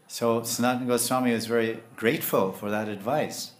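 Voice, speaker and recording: An older man telling a sermon story, with an animated delivery and frequent chuckles. He slips into acting out the characters as he goes. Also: medium pitch, a little fast, hardly any pauses. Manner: animated, chuckling, acts out voices. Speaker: spiritual teacher.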